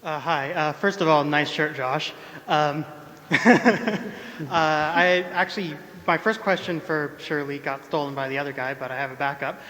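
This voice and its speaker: A man's voice: fairly high pitch, fairly even intonation, a little slow, pushed and bright. A man asking a question from the audience, nervous and rambling, trailing off mid-sentence. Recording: audience mic in a reverberant hall.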